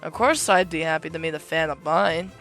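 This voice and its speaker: A man voicing a towering, obsessive knight who gushes over his idol and keeps trying to calm himself. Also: fairly high pitch, fairly quick, soft background music, close to an everyday voice. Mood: gushing. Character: towering male knight-fan, obsessive, axe-wielding, twitchy.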